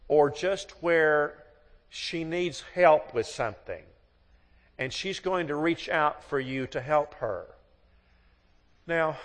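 A middle-aged man preaching a sermon on marriage in a folksy, storytelling way, acting out both sides of the dialogues. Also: a little high. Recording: long hall reverb.

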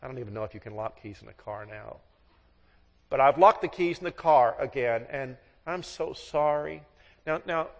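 A middle-aged man preaching a sermon on marriage in a folksy, storytelling way, acting out both sides of the dialogues. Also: on the high side. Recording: long hall reverb.

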